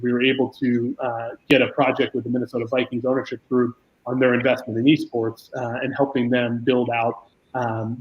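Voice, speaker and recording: A man tells the story of his own business in an easy, self-deprecating way. He often stops and starts again mid-sentence, and his pitch stays narrow and level. The recording is a little muffled and lo-fi. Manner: casual, self-deprecating storytelling with many restarts. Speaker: esports business founder. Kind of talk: telling his career story in a talk.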